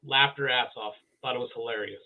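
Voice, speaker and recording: Man, podcast co-host, casual storytelling, gravelly, tinny phone-like audio. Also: mid-range voice, a little fast. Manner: animated, acts out quotes, stammers.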